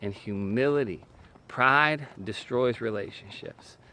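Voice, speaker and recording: A man with a gravelly, creaky voice giving an earnest, emphatic talk, pitched in an ordinary middle range. He hammers points home with short repeated phrases, with a faint hum of noise behind him. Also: slow pace, bright, forceful tone. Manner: speaks from personal experience, faith-based. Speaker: video speaker on relationships. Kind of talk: earnest personal teaching talk.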